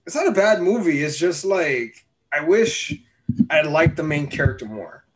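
A man co-hosting a casual movie podcast, chatty and animated, swearing freely. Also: fairly high pitch, normal speed. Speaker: podcast co-host. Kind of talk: casual movie review chat.

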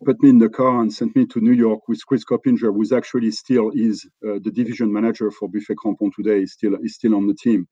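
Halting French-accented man telling stories. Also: fairly low pitch, little pitch movement, warm tone, slightly rough, no room sound, dull audio. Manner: halting, many fillers and restarts. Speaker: guest, company executive. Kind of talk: conversational storytelling.

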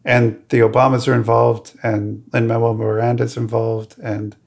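Very gravelly joking male podcast host. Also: mid-range voice, little pitch movement, a little mellow. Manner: playful, self-mocking, quick asides. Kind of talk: casual podcast chat.

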